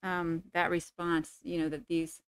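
A woman's voice: fairly low pitch, monotone, a little slow, clean tone. A woman facilitating a public forum over a video call, patiently paraphrasing what speakers say.

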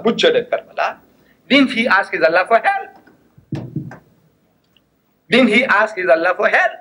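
Speaking in a mosque hall, an Islamic lecturer gives a public religious talk with a fairly bright voice that sits high. He tells a story using repeated phrases and rhetorical questions, acting out both sides of the dialogue he quotes.

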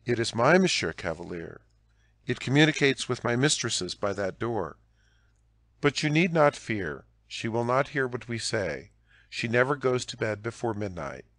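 A man reading a shy young female maid in an audiobook, using a hushed, hesitant way of speaking. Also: medium pitch, very animated, moderate pace, dry recording. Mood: timid.

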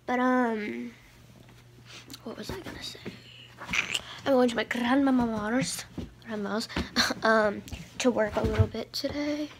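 A high-voiced young woman with a drawl chats to her phone camera in a loose, rambling vlog. She sounds tired and keeps hiccuping between thoughts. A faint hum of room noise sits under her voice. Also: steady tone, slow, pauses often. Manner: chatty, scattered, says she is tired. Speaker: vlogger. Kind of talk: casual vlog chat to camera.

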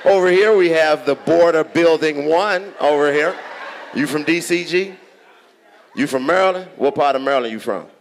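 A man with a Washington DC accent doing stand-up, ribbing the audience with loud, profane banter. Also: on the high side, moderate pace, slight background noise. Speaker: stand-up comedian. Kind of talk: crowd work stand-up. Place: large theater on stage.

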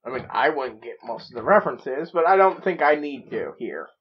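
A man's voice: mid-range voice, sing-song, normal speed, husky, dull audio. A man hosting a reaction video, talking in a giddy, rambling way full of stammered restarts. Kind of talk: excited reaction commentary.

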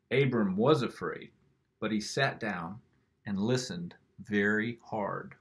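A man gently reading a picture book aloud to children, with an expressive storytelling manner. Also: lowish voice, slow.

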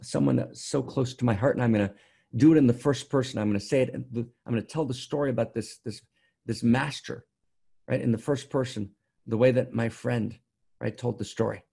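A male spiritual teacher delivers a sermon with a husky, gravelly voice. He tells a story with emphatic repetition and keeps checking in with his listeners. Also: mid-range voice, fairly even intonation, a little fast, dark tone.

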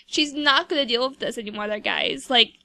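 A woman's voice: fairly high pitch, a little fast, bright, forceful tone. A woman giving casual, rambling commentary over a life-sim game, chatty and full of fillers. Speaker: gameplay video host.

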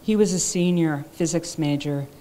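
A woman reading the lines of a tired, sick young man in her novel, in a flat, sleepy, matter-of-fact way. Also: low-pitched, normal speed, close to an everyday voice. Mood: weary.

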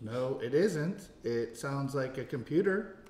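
Annoyed guy who swears he doesnt sound like that, slow lively delivery, echoey room with a little hiss. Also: medium pitch. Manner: indignant, defensive. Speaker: friend being imitated. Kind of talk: comedy sketch acting.

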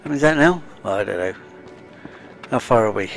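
A game streamer with a fairly low, gravelly, expressive voice speaks fairly quickly. His let's-play commentary is laid-back and chatty, with sighs and self-talk, and he is a little out of breath over faint background game music.

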